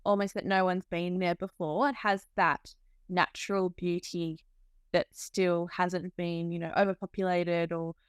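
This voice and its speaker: A young Australian woman, a midwife, chatting easily as a podcast guest, friendly and relaxed, often trailing off softly. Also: fairly low pitch, a little slow, clean tone, no room sound, studio quality. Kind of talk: casual interview chat.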